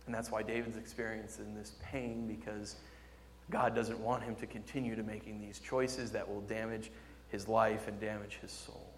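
A male pastor preaching a sermon with impassioned delivery, swinging between loud emphasis and hushed, tender tones. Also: fairly low pitch, flat delivery, moderate pace, in a large hall, slight background noise.

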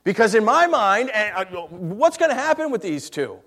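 Guy preaching, slightly high voice, tells his own story all emotional, goes quiet then loud. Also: big pitch swings, normal speed, few pauses. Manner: emotional storytelling, swings from hushed to raised. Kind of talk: sermon with personal story.

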